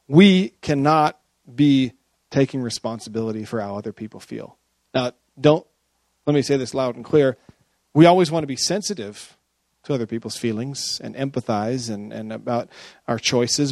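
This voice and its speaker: A man's voice: mid-range voice, gravelly, a little mellow, no room sound. A man preaching a sermon as a pastor, chatty and often checking in with his listeners. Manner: conversational, often checks in with the audience.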